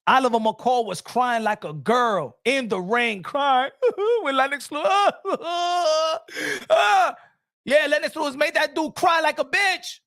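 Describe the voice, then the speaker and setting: Very high-voiced man ranting heatedly. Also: measured pace, sharp tone. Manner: heated, repetitive, profane ranting. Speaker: boxing commentary host. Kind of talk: casual ranting commentary.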